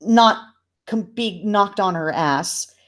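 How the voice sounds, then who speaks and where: A woman's voice: medium pitch, slow pace, fairly bright tone. A woman co-hosting a casual podcast chat, exasperated and swearing freely. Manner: exasperated, profane. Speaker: podcast co-host.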